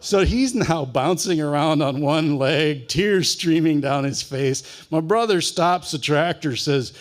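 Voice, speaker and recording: A man from rural Wisconsin, telling a funny family story on a festival stage in a folksy, unhurried way that drops to a hush in tender moments. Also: a little high. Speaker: humorist author and speaker. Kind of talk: humorous live storytelling. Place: stage at a book festival kickoff.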